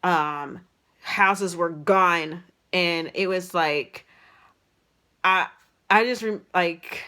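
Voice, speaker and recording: Rambling woman vlogger, slightly low voice. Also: very slow, sharp tone, clear, resonant tone. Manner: rambling, many fillers and restarts, emotional retelling. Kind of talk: casual storytelling.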